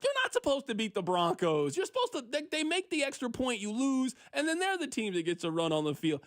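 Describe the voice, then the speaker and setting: A man hosting sports talk radio with a high, very lively voice that leaps around. He talks in an animated, mock-exasperated way, often circling back to repeat himself. His pitch sits well above most men's. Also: brisk, dry recording, clean studio sound.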